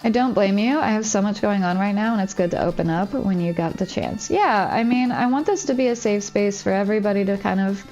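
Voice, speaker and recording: She speaks a little fast and barely pauses, her mid-range voice slightly mellow. Soft music plays beneath the lo-fi sound as she streams a game from home, confiding and rambling with plenty of "like."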